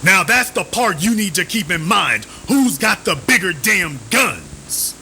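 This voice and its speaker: A man's voice: sits high, huge pitch swings, measured pace, gravelly, pushed and bright, a little hiss or hum, low-quality recording. A man hosting a live stream, giving emphatic commentary, with sarcastic, repeated rhetorical questions.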